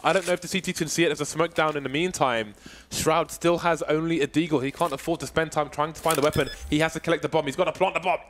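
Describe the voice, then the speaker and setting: A man doing playful, joking esports color commentary that builds to excited calls. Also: a little high, quick pace, slight background noise.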